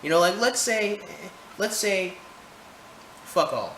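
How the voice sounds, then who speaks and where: A man's voice: high-pitched, lively intonation, takes it slowly, bright, forceful tone. A man ranting his opinions to camera, heated, profane and rambling, recorded indoors. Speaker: vlogger. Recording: roomy echo, faint background noise.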